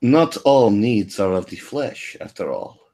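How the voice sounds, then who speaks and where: Man plays slow, pleasant healer woman with a sinister streak. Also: lowish voice, very animated, vocal fry, mellow, pitched below the performer's own voice, exaggerated voice. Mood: gently wry. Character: calm, serene female healer with a dark edge.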